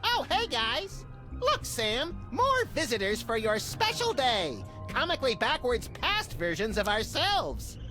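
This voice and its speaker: An actor voicing a brash, excitable young rabbit-like creature in a video game, bratty and mocking. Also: medium pitch, measured pace, heavily acted. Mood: smug. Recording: game audio under music.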